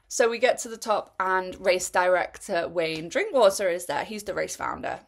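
A woman's voice: lowish voice, a little fast, vocal fry, few pauses. A young woman telling a rambling, chatty story about running an ultra race. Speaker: runner reviewing a race. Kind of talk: casual spoken race recap.

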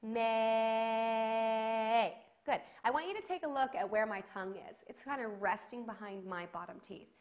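A woman's voice: mid-range voice, animated, fairly quick, hardly any pauses. A woman teaching a singing lesson to camera, giving encouraging instructions and demonstrating sung vowels between them.

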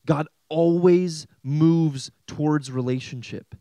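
Animated young man preaching to teens. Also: a little high, slow, no room sound, poor audio. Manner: animated and jokey, asking the room questions. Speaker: youth pastor. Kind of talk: sermon.

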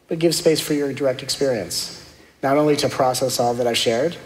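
A man, a spiritual teacher, leading a guided meditation in a soft, slow, gently reassuring way, repeating affirmations. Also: mid-range voice, slight background noise. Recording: long hall reverb.

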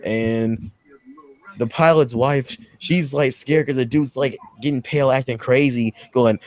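Male podcast host, casual profane storyteller, mid pitch. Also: fairly even intonation, measured pace. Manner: profane, rambling storyteller who acts out quotes in a high voice. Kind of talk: casual chat, movie recap.

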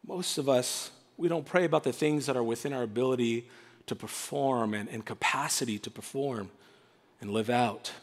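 A male pastor preaching a sermon, animated and emphatic, with dramatic pauses. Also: medium pitch. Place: church sanctuary. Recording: reverberant church hall.

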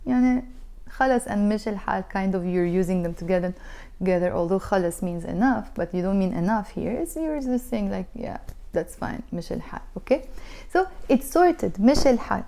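A woman's voice: mid-range voice, fast, creaky, dark tone. A woman teaching a language lesson, patiently repeating phrases for learners.

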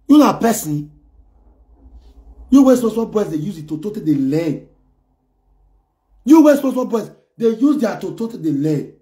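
Mocking Nigerian man ranting in an echoey room. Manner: insulting, mocking, switches between loud jeers and low muttering. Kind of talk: ranting online commentary.

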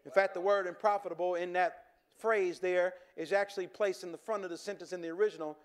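A pastor preaching in a high voice. He talks to the congregation like a friend, with repeated restarts and chuckles, and turns earnest when he makes his point. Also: fairly even intonation, fast talker. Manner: conversational, with stammered restarts and chuckles, shifting from joking to earnest. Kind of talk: sermon.

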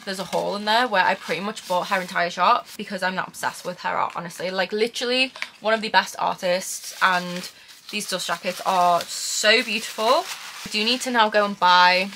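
Young woman, bright tone, excitable book vlogger, gushes and gets emotional, casual home unboxing. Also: medium pitch, a little hiss or hum. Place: home room with bookshelf.

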